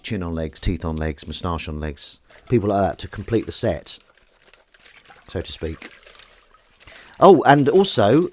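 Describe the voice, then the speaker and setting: A man's voice: medium pitch, darkish tone. A man chatting casually to live-stream viewers while washing up in his kitchen, rambling with jokey asides. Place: home kitchen at the sink.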